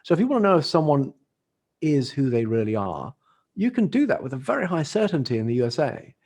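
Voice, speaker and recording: Very animated and fairly quick, the medium-pitched, slightly mellow voice of a middle-aged English dating industry expert carries this casual podcast interview. He laughs frequently and restarts phrases as he goes.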